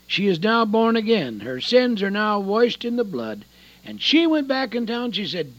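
A man preaching a radio sermon, swinging dramatically between loud calls and hushed words. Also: high-pitched, big pitch swings, moderate pace, muffled recording.

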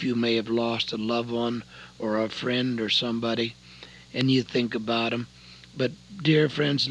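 A man's voice: medium pitch, vocal fry, fairly bright tone, breathy edge, low-quality recording. An older man preaching a folksy radio sermon from his home radio room, pleading with listeners and telling personal stories.

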